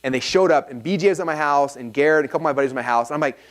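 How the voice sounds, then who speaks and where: A man's voice: on the high side, rapid-fire. A man leading a live workshop seminar, telling stories energetically and checking in with his audience. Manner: energetic, animated storyteller, often checks in with the audience. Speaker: workshop speaker. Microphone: filmed talk.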